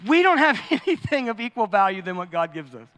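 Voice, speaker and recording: A middle-aged man preaching a sermon as pastor, animated and acting out quoted voices. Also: high voice, a little fast. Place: church sanctuary. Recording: long hall reverb.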